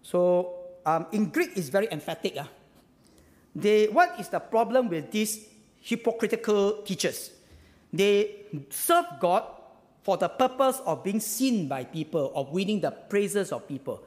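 Animated high-voiced Singaporean pastor preaching. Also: male voice, measured pace. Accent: Singaporean English. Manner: animated, peppered with "ah" and "lah" tags, rhetorical questions. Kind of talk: sermon. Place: church hall. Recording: long hall reverb.

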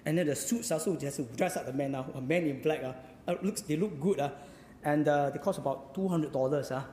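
A man's voice: on the high side, fairly quick, slight background noise. A man with a Singaporean English accent, preaching a sermon and firing rhetorical questions at his congregation. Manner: animated, asks the audience rhetorical questions. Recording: echoey hall with faint ambience.

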